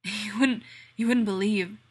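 A woman voicing a breathless, commanding man who speaks hoarsely and pants between words in an audio story. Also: mid-range voice, fairly even intonation, a little fast, fairly bright tone. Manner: panting, hoarse.

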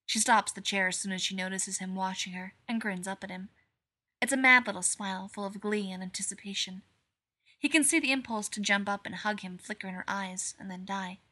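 Bright-voiced woman reading dark fiction. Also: medium pitch. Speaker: reader. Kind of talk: dark fan fiction narration.

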